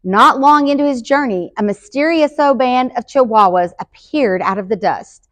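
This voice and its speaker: A woman's voice: a little high, normal speed. Woman librarian reading a picture book aloud. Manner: lively, expressive read-aloud. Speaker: school librarian.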